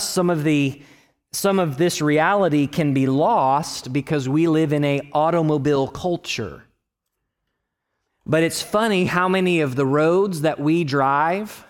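Animated preaching man, lively swings. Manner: animated, swings between loud emphatic bursts and quiet low asides; conversational, with restarts and personal anecdotes. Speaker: pastor. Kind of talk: sermon.

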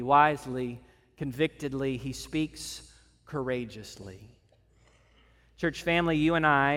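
A man's voice: on the high side, bright, forceful tone. Earnest man preaching in an echoing hall. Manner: earnest, builds repeated phrases and lists. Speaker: pastor. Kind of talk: sermon. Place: church meeting room. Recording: long reverb of a hall.

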